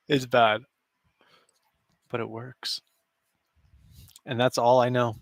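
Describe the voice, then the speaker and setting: Chuckling frequently, a male live streamer rambles and jokes with his chat from a basement room backed by cardboard. He has a creaky mid-range voice, heard in clean studio sound with no room sound.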